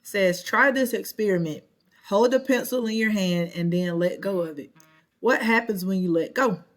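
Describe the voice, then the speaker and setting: A person slowly reading a short science passage and quiz questions aloud, stopping now and then to correct themselves. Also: medium pitch. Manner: slow, careful reading with self-corrections. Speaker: reading lesson reader.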